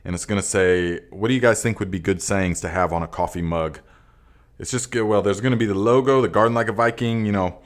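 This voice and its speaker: A man with a notably low voice, from Northern California, hosts a live podcast Q&A. He talks in a loose, easygoing way, full of "uh"s, pausing to read viewer comments aloud before answering them. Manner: relaxed, reads viewer comments aloud with many fillers. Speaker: podcast host. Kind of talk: live Q&A chat.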